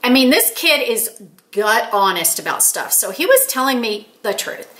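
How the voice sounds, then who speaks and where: An older woman chatting to camera as a channel host, telling stories in an excited, chatty way and acting out quoted dialogue. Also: a little high, normal speed. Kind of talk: casual storytelling to camera.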